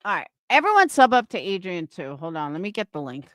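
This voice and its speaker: A woman's voice: lowish voice, big pitch swings, brisk, no room sound, clean studio sound. A woman in her fifties ranting on a livestream, profane and scornful, mocking her critics. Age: 50s. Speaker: livestream host.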